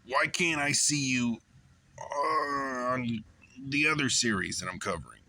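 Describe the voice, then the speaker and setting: A man's voice: medium pitch, a little slow, bright, forceful tone, full character voice. Man putting on a whiny, indignant complainer. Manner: rambling, childish complaining.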